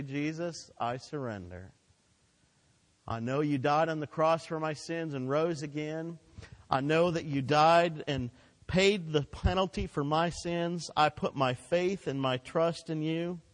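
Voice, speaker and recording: A male pastor preaching a sermon in a church, with emphatic delivery that swells and drops and leads the congregation in call-and-response. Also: fairly high pitch. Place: church sanctuary. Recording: long hall reverb.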